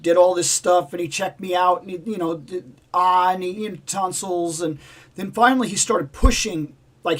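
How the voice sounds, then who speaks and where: Chatty man with a fairly high voice. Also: a bit bright. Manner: rambling, repeats himself, acts out dialogue. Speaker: livestream host. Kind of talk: casual storytelling chat.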